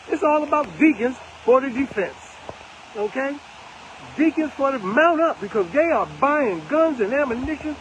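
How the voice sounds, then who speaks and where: A man's voice: very high voice, animated, moderate pace, fairly bright tone, a little hiss or hum, poor audio. An older man hosting a live broadcast, talking in a preachy, emphatic way and repeating phrases for effect. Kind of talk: casual live-stream commentary.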